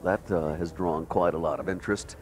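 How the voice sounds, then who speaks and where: Male anchor, very low voice, chatty live field coverage, faint outdoor noise. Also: steady tone, fairly quick. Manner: chatty, jovial. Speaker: TV news anchor.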